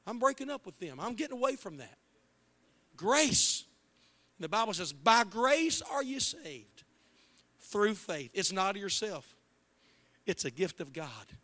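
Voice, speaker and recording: A male pastor preaching a passionate sermon in a church, moving from hushed words to shouts, with a Midwestern American accent. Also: high-pitched, expressive, moderate pace. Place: church sanctuary.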